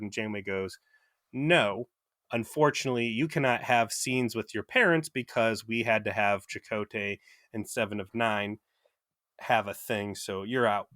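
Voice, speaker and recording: A young podcast co-host recaps an episode in wry, casual chat, swearing freely and acting out quoted lines. His medium-pitched voice is steady, a bit bright, and at normal speed, with clean, dry studio sound.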